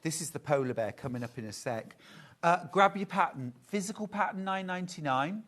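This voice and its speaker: A man's voice: on the high side, animated, a little fast, fairly bright tone. A man hosting a live craft shopping show in a TV studio, chatty and upbeat. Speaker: shopping channel host.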